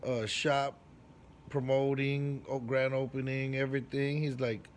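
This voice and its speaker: A man in a middle-pitched voice tells his own story in a loose, slangy way, with a faint hiss of noise behind him. He swears freely and jumps up in pitch and volume whenever he acts out what someone said. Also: measured pace. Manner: animated, acts out quoted lines with big jumps in pitch and loudness. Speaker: barber. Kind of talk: casual personal storytelling.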